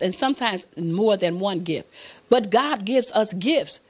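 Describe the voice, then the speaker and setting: A woman preaching a sermon, calling for amens and acting out prayers and God's replies. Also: on the high side. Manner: call-and-response with the audience, asks for amens.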